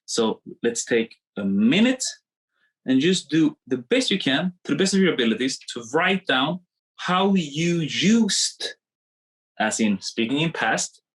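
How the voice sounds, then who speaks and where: A man coaching a live online webinar, animated and repetitive as he draws on screen, talking into a computer mic. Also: a little high, measured pace, rough recording. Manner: animated, repeats himself, drawing on screen.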